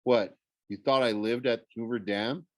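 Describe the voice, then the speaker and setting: A man's voice: mid-range voice, steady tone, measured pace, dry recording, studio quality, natural voice. A man reading aloud, voicing a nervous, blunt teenage girl in an audiobook. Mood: prickly. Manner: blunt and urgent.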